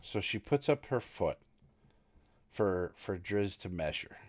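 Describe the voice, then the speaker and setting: A man in a lowish register narrates as dungeon master over an online voice call. He talks haltingly, restarting phrases and filling gaps with "uh" as he describes the scene. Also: animated. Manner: halting, with many restarts and fillers. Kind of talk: narrating a tabletop game.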